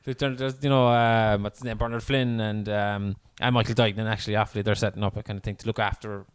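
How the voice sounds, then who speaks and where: A man's voice: fairly low pitch, little pitch movement, fast talker, smooth. Laughing Irish man telling stories. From Ireland. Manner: laughing storyteller, swears freely. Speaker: podcast co-host. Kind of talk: casual podcast chat.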